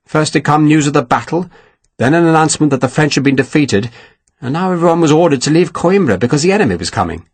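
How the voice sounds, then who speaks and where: A man narrating an audiobook with a dramatic, expressive reading. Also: a little high, husky, no room sound. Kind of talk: scripted narration.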